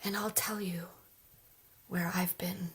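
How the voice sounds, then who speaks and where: A woman at an open mic reading poems aloud in a soft, measured way, dropping into hushed, whispered phrases. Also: lowish voice, steady tone, husky. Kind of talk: poetry reading.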